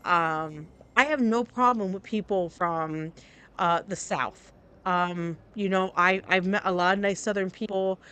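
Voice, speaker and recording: A woman's voice: on the low side, measured pace, fairly bright tone, clean tone. Rambling New woman streaming a game. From New Jersey. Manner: rambling and candid, restarts often. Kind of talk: casual live-stream chat.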